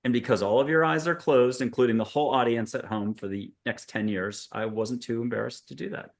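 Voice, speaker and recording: A man's voice: medium pitch, a little fast, gravelly. A man hosting a video-call panel, leading a guided meditation in a playful, rambling, punning way. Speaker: host.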